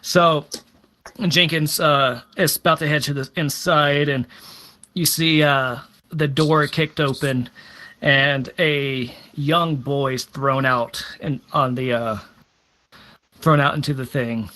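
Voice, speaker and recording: A man's voice: on the high side, fairly even intonation, takes it slowly, pushed and bright. A man narrating a tabletop game as dungeon master, hesitant and full of fillers and restarts.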